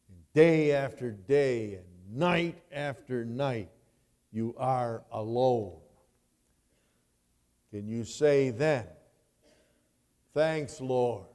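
Pastor, male, slow and emphatic sermon delivery, mellow tone, church hall reverb. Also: medium pitch. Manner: slow, emphatic preaching with dramatic rises.

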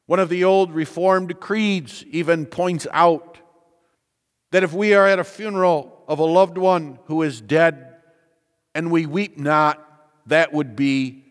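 Slow, deliberate male preacher in a reverberant hall. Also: high voice. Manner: deliberate preaching with repeated phrases and rhetorical questions. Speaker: pastor. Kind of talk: sermon.

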